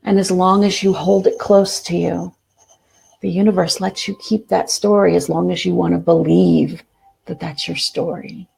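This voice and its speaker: A middle-aged woman hosting a spiritual self-help talk, speaking earnestly and slowing down for repeated affirmations. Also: lowish voice, little pitch movement, vocal fry, a little mellow, breathy edge. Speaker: self-help show host.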